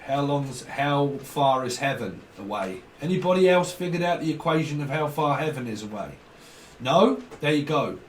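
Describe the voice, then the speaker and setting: Guy doing a tarot reading, joking and wandering off topic, slightly high voice, echoey and far from the mic. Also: expressive, moderate pace. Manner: jokey, rambling, breaks into song and silly voices. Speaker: tarot reader. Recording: roomy, distant mic, faint hiss.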